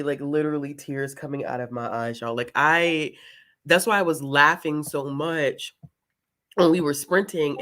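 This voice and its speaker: Woman in a low voice, laughing vlog chat. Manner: laughs often between words, animated and swearing. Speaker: book vlogger hosting a reading sprint. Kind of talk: casual chat to viewers.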